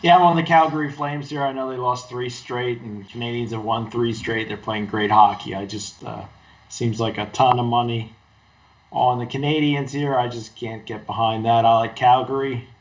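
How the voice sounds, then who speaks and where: A man with a gravelly, mid-pitched voice gives hockey picks on a betting show in a plain, matter-of-fact way. The recording sounds dull and lo-fi. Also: fairly even intonation, normal speed. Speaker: sports betting co-host. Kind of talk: casual picks talk.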